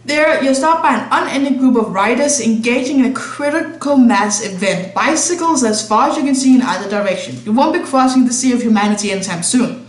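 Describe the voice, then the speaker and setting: A woman's voice: fairly high pitch, fairly quick, roomy sound. Chatty woman reading a game aloud. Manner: chatty asides and laughter between read lines. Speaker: streamer reading a visual novel aloud. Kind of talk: casual game playthrough narration.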